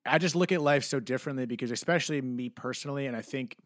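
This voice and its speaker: Podcast guest: thirties man from New Jersey, earnest and candid, mid-pitched voice, dry close sound. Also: quick pace, no room sound. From New Jersey, USA. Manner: candid and earnest, casual swearing. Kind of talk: reflective conversational interview.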